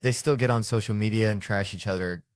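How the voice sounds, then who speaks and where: Male host, deep voice, dry close recording, quick curious questions, casual chat. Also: clean tone, dry recording. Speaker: interview host.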